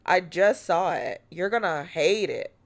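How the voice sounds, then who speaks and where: A woman's voice: fairly low pitch, animated, a little slow, vocal fry. An American woman streaming and chatting casually, playful and teasing, swearing freely. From United States. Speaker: VTuber streamer.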